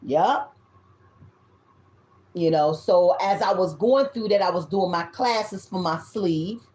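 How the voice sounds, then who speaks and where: A woman in her fifties with a Southern US accent, giving a tarot reading in loud, blunt, casual talk and swearing freely. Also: lowish voice, takes it slowly. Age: 50s. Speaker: tarot reader. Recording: echoey room.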